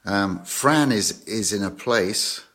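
Husky-voiced man offering reflective commentary. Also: on the low side, animated, slow pace, fairly bright tone. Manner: thoughtful, affirming listener.

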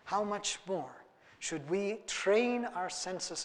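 High-voiced preacher in a reverberant hall. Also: male voice, animated, slow. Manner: earnest, rising and falling for emphasis, acts out little dialogues. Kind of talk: sermon.

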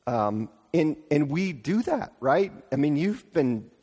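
A man preaching a casual, conversational sermon, informal and animated, acting out quotes playfully. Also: on the high side, takes it slowly, breathy edge, big-room sound. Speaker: pastor.

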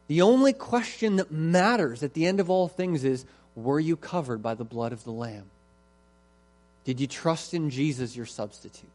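A man's voice: a little high, expressive, normal speed, darkish tone. A man preaching a sermon in an earnest, emphatic way and repeating his key phrases.

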